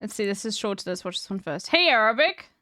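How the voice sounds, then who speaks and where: A woman's voice: mid-range voice, fairly even intonation, fast talker, dry recording, clean studio sound. A woman streamer chatting casually on a live stream, blunt and slangy, with frequent swearing.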